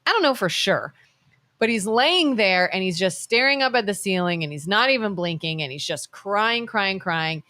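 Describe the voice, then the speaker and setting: A woman co-hosting a live talk show, telling stories with animated delivery and questioning her co-host. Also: medium pitch, normal speed, dry recording. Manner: animated storytelling, acts out quotes. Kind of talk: casual talk show discussion. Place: studio.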